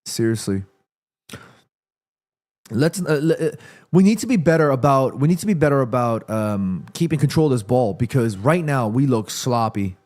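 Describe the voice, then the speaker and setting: A man hosting a live football watchalong, reacting excitedly to the play and reading viewer comments aloud. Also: mid-range voice, normal speed. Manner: chatty, addresses viewers and reads their comments. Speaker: watchalong host.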